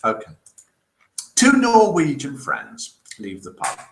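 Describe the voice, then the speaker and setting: Guy hosting a live stream, kinda high and lively, telling jokes and cracking up, room echo. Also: slow, slight background noise. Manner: chatty, jokey, laughs at his own jokes. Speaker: host of a live online show. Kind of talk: casual live-stream chat, reading viewer comments and telling jokes. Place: indoor room in Spain. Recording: roomy echo.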